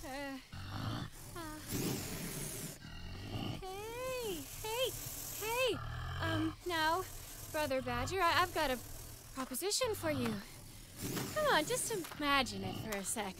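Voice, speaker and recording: A man's voice: sing-song, slow pace, long pauses, noisy background, exaggerated voice. A man doing a breathless whiny young woman. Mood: pleading. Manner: high falsetto, puffing and complaining. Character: winded, grumbling young woman journalist. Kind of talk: reading game dialogue aloud.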